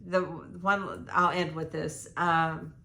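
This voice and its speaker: An older woman, hoarse from losing her voice, rambling through a casual life update with lots of ums and restarts. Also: low voice, little pitch movement, slow, bright, forceful tone. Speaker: vlogger. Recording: echoey room.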